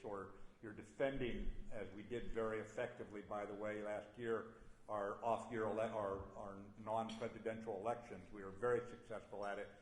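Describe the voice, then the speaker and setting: An older man giving a plainspoken after-dinner speech, telling a war story with dry humor. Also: medium pitch. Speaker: guest speaker. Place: banquet hall. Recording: roomy hall sound.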